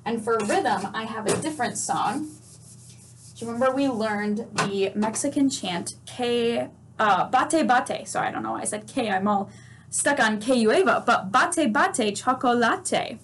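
Woman, music teacher, high voice, slow and patient, encouraging questions, sings examples, faint background noise. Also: expressive, a bit bright. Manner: sings note names and chants. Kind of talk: children's music lesson.

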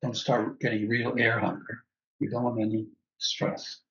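A man teaching a breathwork class, calmly guiding the breath and repeating key phrases. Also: medium pitch, measured pace, dull audio.

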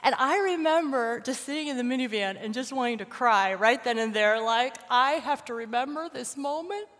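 A woman in her forties, a guest speaker telling stories to a church congregation on Mother's Day, with lively storytelling and acted-out shouts. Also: high-pitched, moderate pace. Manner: warm storytelling, acts out her son's shouts. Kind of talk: Mother's Day sermon talk. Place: church sanctuary. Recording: long hall reverb of a church.

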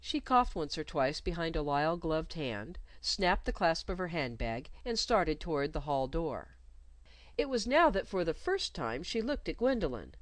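Expressive woman story narrator, lively pitch. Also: no echo. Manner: expressive, measured reading.

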